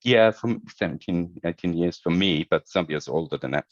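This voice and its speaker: On a conversational podcast, a man who heads user experience discusses his work in a deep voice at a moderate pace. He's thoughtful but restarts often and repeats words, and the dry remote recording sounds dull and lo-fi.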